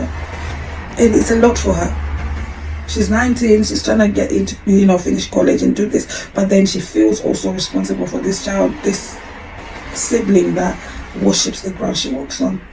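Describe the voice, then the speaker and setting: A woman's voice: mid-range voice, vocal fry, dark tone, slight background noise, low-quality recording. A woman in her forties hosting a podcast, telling a personal story in a candid, emotional, rambling way with frequent restarts. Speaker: podcast host.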